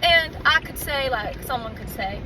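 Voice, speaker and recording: A woman's voice: sits high, lively intonation, normal speed. A woman rambling candidly in a casual monologue, swearing freely as she talks outdoors. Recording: distant mic with loud traffic noise.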